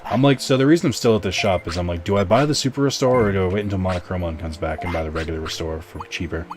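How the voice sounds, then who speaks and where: Deep-voiced guy chatting on his game stream, lots of ums and uhs, faint game music behind. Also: rapid-fire. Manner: rambling, chatty, many fillers and restarts. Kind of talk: casual live-stream chat while gaming.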